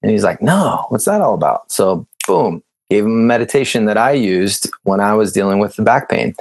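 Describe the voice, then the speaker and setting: A low-pitched man chats as a podcast guest, bouncing into playful stories and mimicking the people in them. He laughs easily and talks in a loose, upbeat way. The sound is dry and close, with no room around it. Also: moderate pace, dry recording. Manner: animated storyteller, acts out dialogue, laughs often. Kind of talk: casual interview chat.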